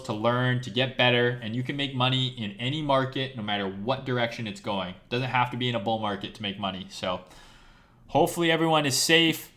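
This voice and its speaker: A man with a worn, hoarse voice, a crypto trading streamer talking to his viewers in a blunt, casual live-stream rant, swearing freely and often tagging "right?" onto what he says. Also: mid-range voice, sharp tone. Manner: blunt, profane, repeats "right?". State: losing his voice.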